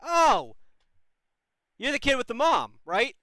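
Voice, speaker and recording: A man's voice: on the high side, animated, quick pace, pushed and bright, clear, resonant tone. A man hosting a call-in advice show, talking bluntly and casually with heavy swearing. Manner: profane, blunt, bro-ish. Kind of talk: casual advice chat with callers.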